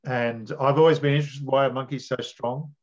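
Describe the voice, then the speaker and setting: A man's voice: medium pitch, fairly even intonation, brisk. A man hosting an interview, musing and thinking aloud in casual conversation. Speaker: interviewer and host. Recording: dull lo-fi audio.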